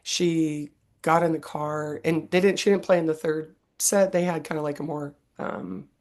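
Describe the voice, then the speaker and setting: Animated woman hosting a podcast. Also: sits low, normal speed. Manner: animated storyteller, laughs often. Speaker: podcast host. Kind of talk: casual interview chat.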